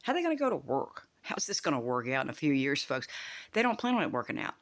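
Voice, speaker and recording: A woman's voice: extremely low pitch, sing-song, fast. An older woman vents straight to camera in a long, heated monologue. She swears freely and rambles from one grievance to the next. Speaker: vlogger.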